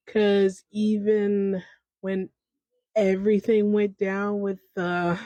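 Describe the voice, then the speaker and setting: Thirties woman rambling off the cuff on her podcast, slow talker, dry close mic. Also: lowish voice, a little mellow, dry recording, poor audio. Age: 30s. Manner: rambling, stream-of-consciousness, frequent restarts. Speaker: podcast host. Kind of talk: unscripted casual commentary. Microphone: home microphone.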